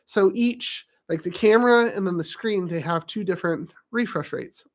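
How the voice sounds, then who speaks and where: Hosting his own vlog, a man chats casually on camera into a stand-mounted studio microphone. He has a high voice and a moderate pace, jokey and amused with himself, breaking into sudden loud exclamations.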